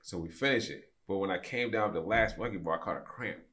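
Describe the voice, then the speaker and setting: A man's voice: low-pitched, a little fast. A man in his fifties telling a long story as a podcast guest, acting out the voices of the people in it. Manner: animated storyteller, acts out quoted voices. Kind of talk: casual storytelling.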